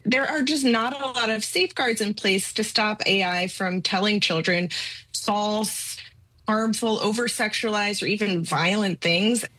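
A woman's voice: medium pitch, measured pace, a bit bright, low-quality recording. A woman pediatrician explaining a concern earnestly in a news interview.

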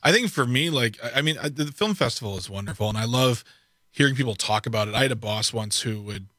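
A man with a bright, forceful voice talks in a relaxed, storytelling way, dropping quick asides. The sound is close and dry, as in a small studio. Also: mid-range voice, dry recording. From Milwaukee. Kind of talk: casual radio chat.

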